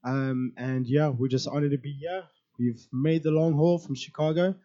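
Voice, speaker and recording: A hoarse man introducing himself to a church, earnest and laughing easily. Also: on the high side, fairly even intonation, moderate pace, dark tone, lo-fi sound. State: hoarse, voice low. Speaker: new church staff member.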